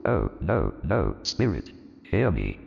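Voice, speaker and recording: A man playing an old miserly man turned joyful and repentant, with a gravelly voice and a theatrical, animated delivery in an audio drama. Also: slow, heavily acted. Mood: pleading. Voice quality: gravelly, very deep. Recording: reverberant, dull lo-fi, faint music.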